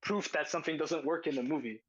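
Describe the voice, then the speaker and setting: A man's voice: a little high, quick pace, husky, dry recording, muffled recording. A man hosting a casual podcast chat, arguing emphatically and repeating his points as he reacts to a video. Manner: argumentative, emphatic, repeats phrases. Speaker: podcast host.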